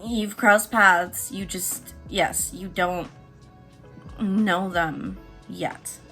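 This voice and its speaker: Excitable woman tarot reader, hushed to squealing, soft music bed. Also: mid-range voice, extremely slow. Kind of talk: casual tarot reading.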